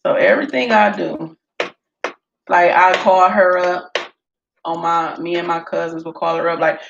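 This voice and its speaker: A woman's voice: fairly low pitch, normal speed, vocal fry, pauses often. Chatty woman telling kitchen stories. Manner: storytelling, animated, laughs often. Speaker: home cook vlogger. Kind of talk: casual cooking vlog chat. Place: home kitchen. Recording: echoey room with faint noise.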